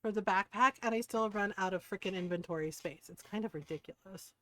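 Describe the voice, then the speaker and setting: A woman livestreams a game and chats casually in a medium-pitched, fairly quick voice with no echo. She tells a story full of "like" and casual swearing, acting out her friends' lines in excited voices.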